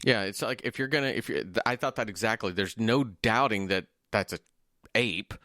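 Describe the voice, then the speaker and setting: A man's voice: lowish voice, moderate pace, sharp tone, dry recording, clean studio sound. A man co-hosting a casual movie podcast over a video call, thoughtful and often searching for words. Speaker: podcast co-host. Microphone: home mic on a video call.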